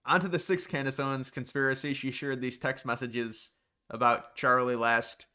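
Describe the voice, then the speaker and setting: Smooth-voiced male livestream host. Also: medium pitch, fairly even intonation, pushed and bright. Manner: chatty, quick reactions, reads out chat questions. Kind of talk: casual live reaction chat.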